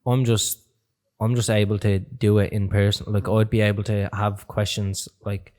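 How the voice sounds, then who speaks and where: A young man, an animated storyteller who swears freely and laughs a lot while chatting as a podcast guest. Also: fairly low pitch, moderate pace. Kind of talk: casual chat.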